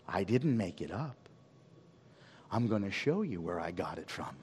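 A man preaching a sermon as pastor, swinging from loud calls to hushed asides. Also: sits low, sing-song, moderate pace, a little hiss or hum. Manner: preaching with sweeping rises and drops in volume. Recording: long reverb of a large hall.

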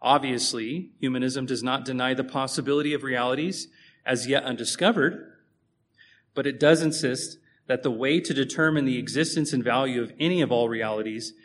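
A man's voice: medium pitch, fairly quick. A man preaching a sermon, emphatic and conversational, putting rhetorical questions to his congregation.

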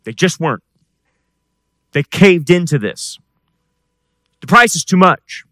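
A man, a pastor, preaching a sermon and swinging between loud emphatic bursts and quiet, intense passages. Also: on the high side, animated, takes it slowly, no echo.

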